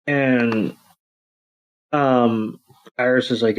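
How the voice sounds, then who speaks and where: A man's voice: medium pitch, unhurried, rough recording. Rambling male podcast co-host. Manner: rambling, many fillers, acts out quotes in silly voices. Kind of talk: casual episode recap chat.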